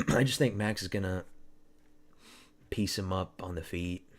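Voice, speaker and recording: A man's voice: low-pitched, unhurried. A man hosting a casual fight watch-party stream, rambling, swearing and answering chat. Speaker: livestream host.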